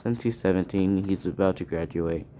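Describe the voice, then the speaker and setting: A man's voice: low voice, moderate pace, mellow, a little hiss or hum. A man improvising a fan story aloud, rambling and hesitant as he thinks it up.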